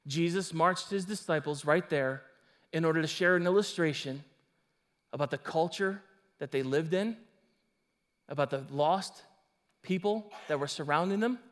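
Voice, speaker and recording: A man's voice: fairly high pitch, normal speed, long pauses, fairly bright tone. A man preaching a sermon as pastor, emphatic, with casual asides to his congregation.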